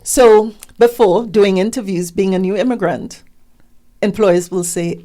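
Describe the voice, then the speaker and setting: A middle-aged woman talking as an interview guest, animated and emphatic, acting out the questions people ask her. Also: mid-range voice, moderate pace, vocal fry. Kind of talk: conversational interview.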